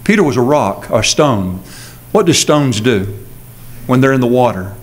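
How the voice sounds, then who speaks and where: A man preaching a sermon as a pastor, earnest, moving between quick asides and slow, emphatic phrases. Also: medium pitch, animated. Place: church sanctuary.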